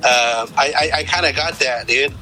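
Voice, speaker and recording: A man's voice: medium pitch, moderate pace, bright, forceful tone, faint music behind, low-quality recording. A young man co-hosting a podcast, rambling casually about a film, swearing and saying "dude" often. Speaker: podcast co-host.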